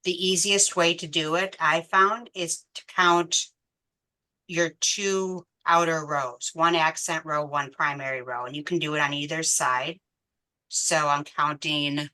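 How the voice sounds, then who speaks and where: A woman's voice: sits low, steady tone, unhurried, bright, forceful tone. A woman teaching a beading class step by step, counting beads aloud patiently. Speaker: beading instructor. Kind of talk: step-by-step craft tutorial.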